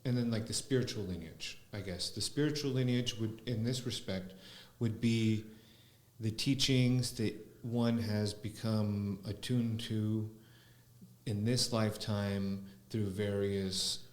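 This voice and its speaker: A man, a spiritual teacher, talking slowly and reflectively as a podcast guest, often pausing with fillers. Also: on the low side, steady tone. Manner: slow, musing, with frequent fillers. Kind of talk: reflective conversational talk. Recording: roomy echo.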